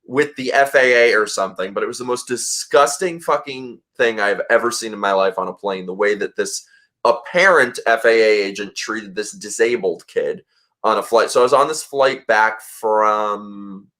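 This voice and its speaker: A man hosting a casual livestream chat, telling a story in an animated way and swearing freely. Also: lowish voice, normal speed. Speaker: host.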